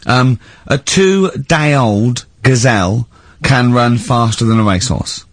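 A man's voice: mid-range voice, unhurried, dry recording. A man hosting a comedy radio show, chatting with mocking banter and frequent laughter. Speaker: radio host.

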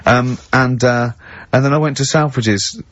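A man's voice: mid-range voice, measured pace, a bit bright, dry recording. A man hosting a radio show, laughing a lot and telling anecdotes in casual studio banter. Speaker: radio host. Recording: dull lo-fi radio recording.

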